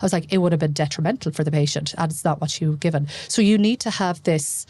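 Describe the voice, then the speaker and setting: A middle-aged Irish woman, an emergency medicine consultant, telling stories in an animated way and acting out the dialogue as a podcast guest. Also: low-pitched, quick pace, hardly any pauses, dry recording. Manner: animated storytelling, acts out quoted dialogue. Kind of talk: casual interview chat.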